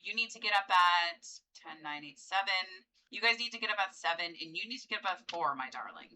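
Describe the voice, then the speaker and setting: A woman's voice: lowish voice, animated, brisk, pushed and bright, poor audio. A woman giving casual gameplay commentary, chatty and coaxing as she pleads with her game characters. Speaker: gameplay video host.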